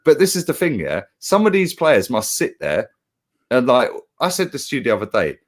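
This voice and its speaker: Animated man ranting about football. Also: mid-range voice, normal speed. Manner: animated, heated, swears, slangy. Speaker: football fan channel co-host. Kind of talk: casual football chat.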